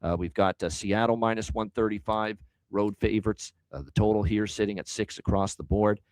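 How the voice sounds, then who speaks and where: A man with a fairly low voice hosts a betting show and works through his picks in an emphatic, easygoing way. The sound is dry and close, with no room around it. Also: fairly quick, darkish tone, no echo, low-quality recording. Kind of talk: casual sports betting analysis.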